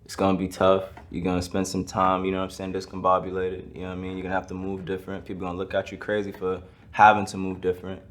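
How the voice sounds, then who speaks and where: A man speaking in a relaxed, rambling interview style, a vlogger from the Boston area. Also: sits low, quick pace, few pauses. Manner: laid-back, loose and rambling. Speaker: vlog host. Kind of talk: casual interview talk.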